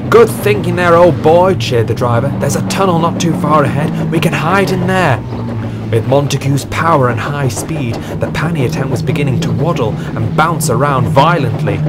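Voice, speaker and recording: Man narrating an audio storybook. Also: mid-range voice. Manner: steady, dramatic storytelling.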